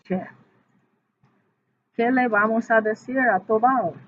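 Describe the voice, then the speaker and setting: A woman's voice: fairly high pitch, unhurried, a bit bright, voice pushed up. A woman reading a second teenage boy's lines from a textbook dialogue, translating each line after saying it. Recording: tinny phone-like audio with faint hiss.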